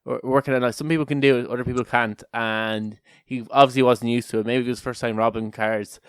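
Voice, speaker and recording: A man's voice: mid-range voice, steady tone, fast, smooth, no echo, clean studio sound. A man co-hosting a casual podcast, joking around, laughing often and telling rambling stories. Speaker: podcast co-host.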